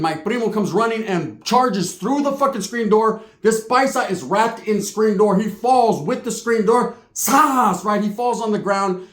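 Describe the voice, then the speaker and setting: A man's voice: high-pitched, fairly bright tone, roomy sound. A man telling a comedic story in a casual, profane, streetwise way, peppered with slang.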